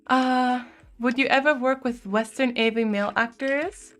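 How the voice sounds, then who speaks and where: A woman's voice: high voice, fairly even intonation, normal speed, fairly bright tone, soft background music. Giggly young woman with a lisp. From United States. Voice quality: lisp, speech impediment. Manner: chatty, giggly, says "like" often. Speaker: live-stream host. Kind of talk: casual chat reading viewer comments.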